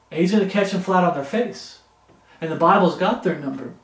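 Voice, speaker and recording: A man's voice: sits high, a little fast, roomy sound. A man preaching a sermon with an earnest, pleading delivery.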